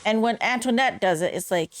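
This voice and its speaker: A woman's voice: on the high side, a little fast. A young woman commenting casually over a video game playthrough, chatty and full of fillers. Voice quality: chatty, lots of "like". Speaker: gameplay streamer. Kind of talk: casual let's-play commentary.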